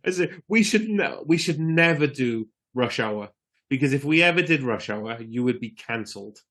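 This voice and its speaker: A man on a film podcast, easygoing and chatty as he reads out bits of movie trivia. His voice sits at an ordinary middle pitch for a man. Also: lively intonation, moderate pace, a bit bright. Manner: laid-back, reading out trivia. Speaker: podcast co-host. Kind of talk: casual film chat.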